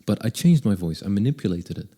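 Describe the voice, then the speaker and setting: A man's voice: fairly low pitch, animated, quick pace, dark tone. A man giving tips on speaking with a confident voice, talking straight to the listener and often shifting his pace and volume to show what he means. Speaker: voice coach. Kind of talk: direct-to-camera vocal tips.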